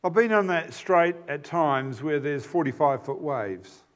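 A man with a New Zealand accent preaching a sermon in a conversational way, pausing with fillers and turning to the congregation with asides. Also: a little high, animated.

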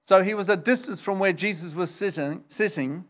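A man preaching a sermon, emphatic, jumping up high to stress points and acting out quoted dialogue. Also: moderate pace. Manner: acts out quoted dialogue in a raised voice. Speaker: pastor.

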